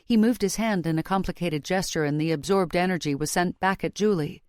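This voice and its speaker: A woman narrating a fantasy audiobook in the first person with a steady, measured reading. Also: on the low side, no echo, studio quality.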